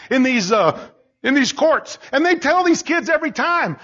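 A man preaching a sermon, driving his points home with repetition and bursts of shouting. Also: very high voice, very animated, normal speed. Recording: dull lo-fi recording.

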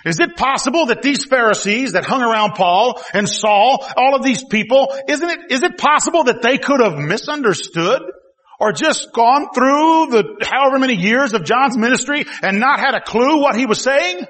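A man preaching a sermon, telling the story in a folksy way and swinging from quiet asides to loud exclamations. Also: very high-pitched, animated, moderate pace. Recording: long hall reverb.

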